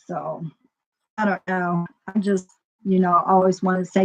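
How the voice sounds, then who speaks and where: A woman's voice: fairly low pitch, fairly even intonation, a little slow, gravelly. A woman who owns a store, talking to her viewers in a loose, rambling vlog monologue full of "you know" fillers. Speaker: store owner. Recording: dull lo-fi recording.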